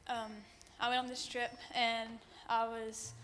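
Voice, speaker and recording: A teenage girl, giving an emotional church testimony in a shaky, halting way with many ums. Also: fairly high pitch, completely flat delivery, a bit bright, a little hiss or hum. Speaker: youth group member giving a testimony. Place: church sanctuary.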